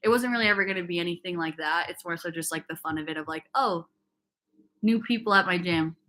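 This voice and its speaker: Her voice sits low and moves fast, bright and forceful, with a faint hiss or hum underneath. She's a young upstate New Yorker running a casual fitness stream, spinning a meandering bit of gossip full of "like" while replying to chat.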